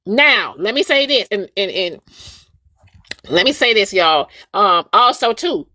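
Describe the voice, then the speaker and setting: A woman's voice: mid-range voice, animated, unhurried, sharp tone, no room sound. A woman hosting a casual live audio chat, talking emphatically and repeating her points to her listeners. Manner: emphatic, repetitive, addresses listeners as "y'all".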